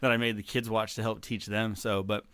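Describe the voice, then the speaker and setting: A man's voice: lowish voice, flat delivery, fairly quick, fairly bright tone, smooth, no room sound, studio quality. A man co-hosting a podcast, telling a story with enthusiasm and frequent laughs. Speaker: podcast co-host. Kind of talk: casual storytelling chat.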